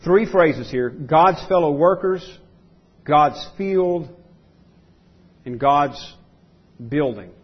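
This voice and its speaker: A man's voice: a little high, lively intonation, extremely slow, pauses often, slightly rough, highs cut off. A man preaching a sermon as pastor, emphatic and repeating key phrases for stress.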